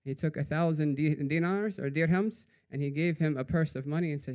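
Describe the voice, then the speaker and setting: A man giving a storytelling sermon in a conversational way, often adding "right?" and dropping to a hushed voice for quoted sayings. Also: fairly high pitch, a little fast, smooth. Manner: conversational, says "right?" after nearly every phrase. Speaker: religious teacher.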